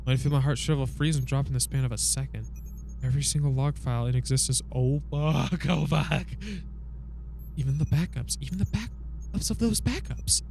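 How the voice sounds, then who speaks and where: A man's voice: medium pitch, steady tone, normal speed, creaky, darkish tone, slight background noise. A man reading a story game aloud, joking and swearing between lines. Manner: jokey, swears, laughs at himself. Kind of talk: reading and reacting to a narrative game.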